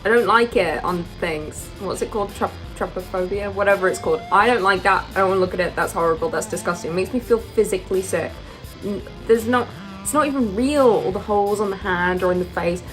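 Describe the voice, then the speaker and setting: A woman's voice: mid-range voice, a little fast, a bit bright, soft background music. A woman reacting to gross video clips, squeamish and exclaiming in disgust. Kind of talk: casual reaction commentary.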